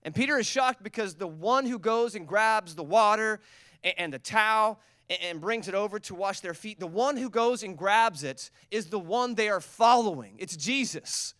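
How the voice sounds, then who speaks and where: A man's voice: high-pitched, normal speed, no room sound, studio quality. A man, preaching a sermon and telling a story, acting out the quotes with energy. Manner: storytelling, animated, acts out quotes. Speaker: pastor.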